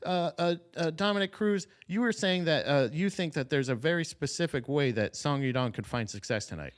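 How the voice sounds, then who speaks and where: A bored female sports presenter reads her lead-ins in a raised, halting monotone, as a man mocks her. It's a clear send-up with filler hesitations between the words. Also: on the high side, pitched above the performer's own voice, close to an everyday voice. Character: flat, disinterested female sports broadcaster.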